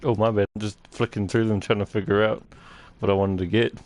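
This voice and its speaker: A man chatting and joking with friends while playing a game, excitable and playful. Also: lowish voice, brisk. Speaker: gamer on a stream. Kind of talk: casual chat while gaming.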